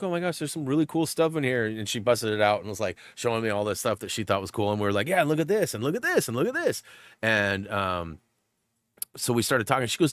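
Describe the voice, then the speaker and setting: A middle-aged man hosting a casual live stream, rambling through stories with quick asides. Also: fairly low pitch, bright, forceful tone, clear, resonant tone, dry recording, studio quality.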